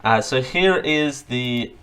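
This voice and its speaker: Male host, mid-pitched, reads news with fumbles and wisecracks. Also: animated, slow pace, a crowd in the background. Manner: stumbling, joking asides, frequent uh fillers. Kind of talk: casual news commentary read aloud.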